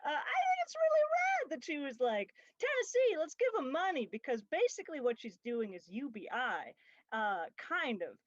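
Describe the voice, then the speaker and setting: A woman's voice: fairly high pitch, very animated, normal speed, dry recording. A woman arguing her side in a comic debate, rambling through absurd points with many fillers. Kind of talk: casual comic argument. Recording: dry, dull lo-fi mic.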